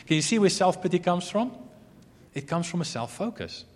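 A man giving an earnest sermon, moving between emphatic points and soft asides. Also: high voice, big pitch swings, moderate pace. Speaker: preacher. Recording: long hall reverb.

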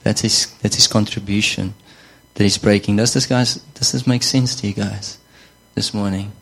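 Guy giving a sermon, lowish voice, chatty, keeps saying you know and repeating himself. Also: fairly even intonation, normal speed, gravelly, a bit bright, rough recording. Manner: conversational, repeats words and says "you know" often. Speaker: preacher.

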